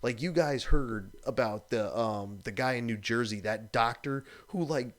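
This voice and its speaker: Man, live stream host, casual rant, swearing, exasperated, middle pitch. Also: measured pace. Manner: animated, profane, exasperated ranting.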